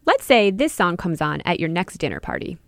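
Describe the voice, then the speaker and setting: A woman hosting an educational podcast, explaining ideas clearly in scripted narration and speaking straight to the listener. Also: fairly low pitch, very animated, fairly quick. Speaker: podcast host and music teacher.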